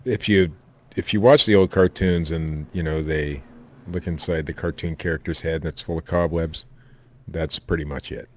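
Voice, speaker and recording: Deep-voiced man bantering deadpan. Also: moderate pace. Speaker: podcast co-host. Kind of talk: casual chat.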